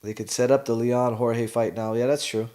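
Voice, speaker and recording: A young Canadian man talks through a fight night on a live stream in a relaxed, chatty way. He laughs easily and reads out viewer comments as he goes, and his voice sits at an ordinary middle pitch for a man. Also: moderate pace. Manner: laid-back, chatty, laughs often. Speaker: fighter hosting a live watch party. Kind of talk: casual live-stream chat reading comments.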